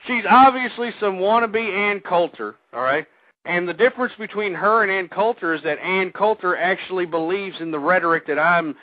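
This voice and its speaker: A man's voice: high voice, no room sound. A man hosting a talk radio show, angry and ranting at callers, often repeating himself. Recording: tinny phone-line audio, dry.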